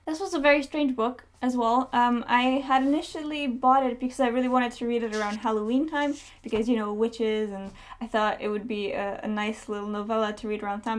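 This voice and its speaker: A young woman chatting casually through book reviews, candid and chatty, with lots of fillers. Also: fairly high pitch.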